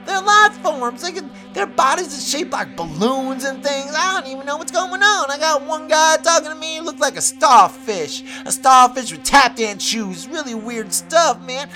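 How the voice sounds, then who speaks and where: A woman hosting her own show, delivering a rambling, excitable comedic rant and repeating herself. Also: high-pitched, moderate pace, few pauses, soft background music. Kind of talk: comedic ranting monologue.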